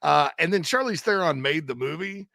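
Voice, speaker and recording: Animated man with a gravelly voice. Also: on the high side, moderate pace, no echo, studio quality. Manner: animated, bursts into loud movie-quote impressions. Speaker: podcast co-host. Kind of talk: casual sports podcast chat.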